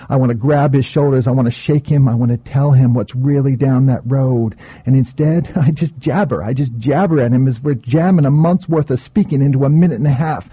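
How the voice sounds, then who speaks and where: A man reading an audiobook in the first person, with a dark, mellow voice and a husky texture. The sound is dry, with no room around it. The audio is dull and lo-fi. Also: medium pitch, dry recording. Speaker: narrator. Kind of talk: audiobook narration.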